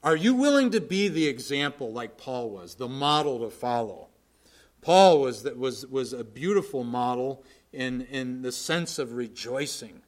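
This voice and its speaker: Male pastor, mid-pitched voice, earnest sermon delivery, loud emphasis dropping to quiet asides. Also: lively intonation, measured pace. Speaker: preacher.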